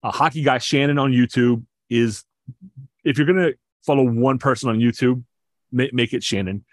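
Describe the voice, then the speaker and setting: A man's voice: medium pitch, normal speed, no echo, clean studio sound. A man co-hosting a podcast, chatting about sports with enthusiasm and explaining at length, often stammering through restarts. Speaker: podcast co-host. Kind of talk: casual sports chat.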